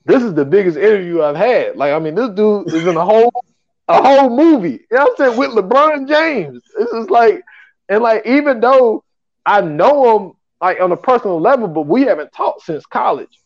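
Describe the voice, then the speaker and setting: A man's voice: high voice, expressive, moderate pace, highs cut off. A man hosting a podcast in casual chat, rambling and filling with "you know what I'm saying.". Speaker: podcast host.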